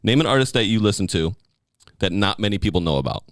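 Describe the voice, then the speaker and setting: A man's voice: on the low side, lively intonation, fast, dry recording, studio quality. A male podcast host chatting casually, joking and laughing a lot. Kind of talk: casual chat.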